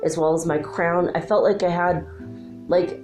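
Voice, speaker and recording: A woman's voice: on the low side, steady tone, normal speed, a little mellow, soft background music. A middle-aged woman hosting a spiritual talk show, chatty and rambling, laughing often. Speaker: spiritual channeler and show host.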